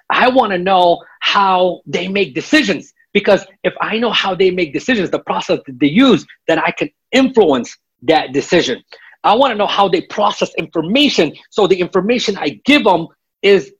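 A man's voice: high voice, breathy edge, dull audio. A man working as a sales coach, explaining techniques step by step in a podcast interview and checking in with "okay?". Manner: instructive, repeats "okay?" to check in.

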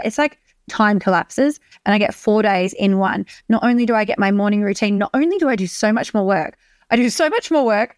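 A woman's voice: medium pitch, no room sound, studio quality. A young Australian woman hosting a solo podcast, talking energetically and emphatically and swearing freely. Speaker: podcast host. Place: beach hut.

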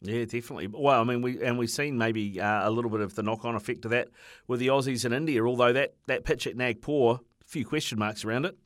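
A man's voice: mid-range voice, quick pace, dry recording, clean studio sound. A man hosting a sports radio show, asking questions casually with friendly restarts. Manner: friendly, stumbling restarts, says mate a lot.

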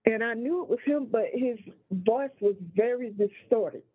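A woman calling in to tell a personal ghost story, speaking slowly and deliberately, drawing out words for emphasis. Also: a little high, breathy edge, dry recording. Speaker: caller. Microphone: phone call. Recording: tinny phone line.

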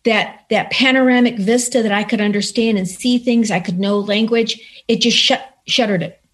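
Animated woman telling a personal story. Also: fairly high pitch, moderate pace. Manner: earnest, animated storytelling with quoted voices. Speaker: interview guest. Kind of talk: personal story told in conversation.

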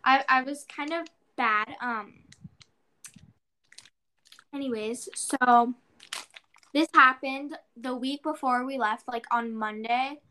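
High, bright-voiced teenage girl rambling. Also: slow, long pauses, slight background noise. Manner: rambling storytelling with many "like"s; acts out her own past exclamations. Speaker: podcast co-host. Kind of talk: casual chat.

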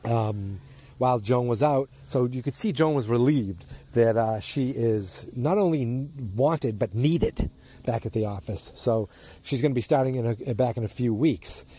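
A man's voice: measured pace, mellow, husky. A man casually retelling a TV episode outdoors, rambling and acting out the characters' lines with jumps in his voice. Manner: rambling, acts out quoted lines with jumps in pitch. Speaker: TV episode recapper. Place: outdoors near turning-on sprinklers.

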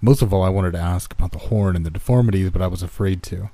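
Brief: low, dark-toned male narrator for a horror story, slow and hushed. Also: dry recording.

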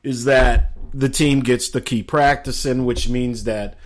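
A man's voice: mid-range voice, steady tone, a little slow. A man hosting a casual sports talk show, chatty and laid-back, with a slightly scratchy throat. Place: home studio.

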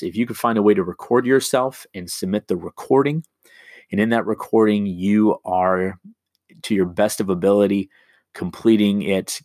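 Male teacher, very low voice, step-by-step instructions, frequent fillers, dry sound. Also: dry recording. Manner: explains step by step, many fillers and restarts. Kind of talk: recorded remote lesson.

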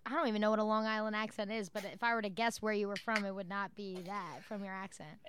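A woman hosting a podcast in a casual, animated chat, laughing often. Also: mid-range voice, quick pace, a little hiss or hum.

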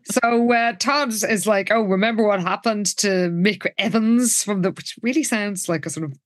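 A woman's voice: medium pitch, normal speed, no echo, clean studio sound. A woman co-hosting a casual recap chat, wry and laughing often. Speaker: podcast co-host.

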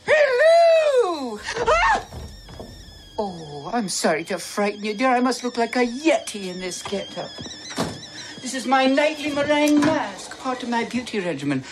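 A man's voice: very high voice, very animated, measured pace, noisy background, full character voice. A man playing a fussy elderly Scottish nanny in a film, talking theatrically. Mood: flustered. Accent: put-on Scottish.

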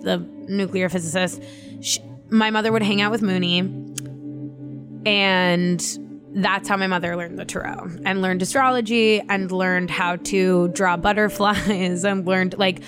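A woman talks casually about her family, animated and quick to laugh, with swearing sprinkled through. Her voice sits at a middle pitch. Faint music plays underneath. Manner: animated storytelling, swears freely, laughs often. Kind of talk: casual chat.

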